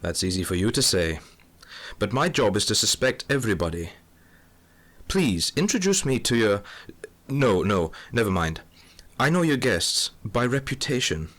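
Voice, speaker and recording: A man's voice: on the low side, very animated, moderate pace, a bit bright. A man playing a dry, melodramatic police inspector who narrates a comic mystery audio drama. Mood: wry. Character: hard-boiled Scotland Yard police inspector, middle-aged man.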